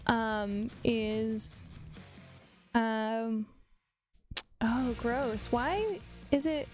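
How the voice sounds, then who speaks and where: A young woman chatting casually with her stream while she draws, rambling and laughing often. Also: fairly high pitch. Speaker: vtuber art streamer. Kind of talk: casual livestream chat while drawing.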